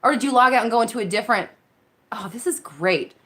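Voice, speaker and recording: This is a relaxed live-stream chat where a woman, working as a mindset coach, answers viewer comments on her phone with frequent laughs and casual cursing. She speaks fast, her voice a little high and fairly bright.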